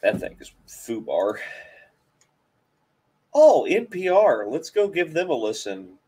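Animated, rambling man hosting a stream. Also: fairly high pitch, slow, husky. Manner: rambling, hesitant, self-deprecating. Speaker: host of a car channel live stream. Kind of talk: casual live-stream chat.

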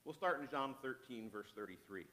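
A man's voice: medium pitch, lively intonation, brisk, pushed and bright. A man, a pastor, giving a sermon in a church worship service, talking conversationally, repeating phrases for emphasis and reading scripture aloud.

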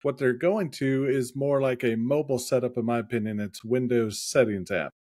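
A man's voice: medium pitch, normal speed, darkish tone, no room sound, studio quality. A man co-hosting a casual tech podcast on a headset, easygoing and hedging his opinions with filler ums. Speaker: podcast co-host.

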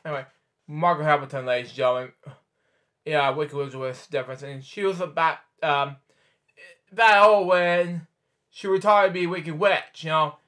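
Bright-voiced man rambling through a storybook. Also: fairly high pitch, moderate pace. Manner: rambling, stumbling, many restarts and side comments. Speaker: storyteller host. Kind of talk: reading a picture book aloud with chatty asides.

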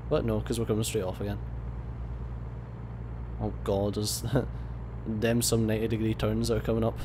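A man's voice: fairly low pitch, normal speed, long pauses. A young Scottish man giving casual gameplay commentary, swearing and mock-raging at other drivers. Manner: profane, mock-angry banter at other drivers. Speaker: let's play host. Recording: steady background hum.

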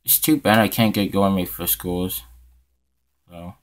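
A man's voice: deep voice, steady tone, unhurried. A man hosting a reaction video, wisecracking over the clip. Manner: wisecracking, mocking. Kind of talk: joking reaction commentary.

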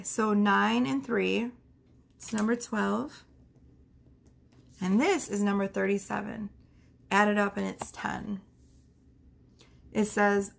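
A woman with a gravelly, creaky voice giving a casual tarot reading at home. She talks in a chatty, loose way, laughs often, swears freely and sounds a little out of breath. Faint noise sits behind her. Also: medium pitch, fairly bright tone. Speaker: tarot reader.

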